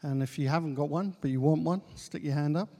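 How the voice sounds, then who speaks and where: A man preaching a sermon in a church, unhurried, pausing often with "uh" and repeating key phrases. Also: on the high side, mellow. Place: church hall. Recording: long church-hall reverb.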